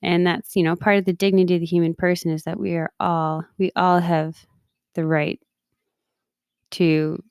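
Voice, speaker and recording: A woman's voice: on the low side, little pitch movement, normal speed, darkish tone, smooth, dry recording, studio quality. A woman in her thirties, a podcast host and coach, talking casually and often laughing at herself. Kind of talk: casual personal talk.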